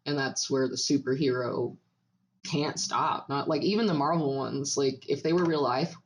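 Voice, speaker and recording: A woman's voice: extremely low pitch, fairly even intonation, moderate pace, slight background noise. A woman co-hosting a podcast in casual chat, laughing often and swearing casually. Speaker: podcast co-host.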